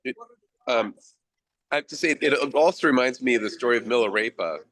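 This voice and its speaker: A man's voice: mid-range voice, brisk, fairly bright tone, no echo, rough recording. A man adding a thoughtful, hesitant comment during a group discussion. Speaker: participant.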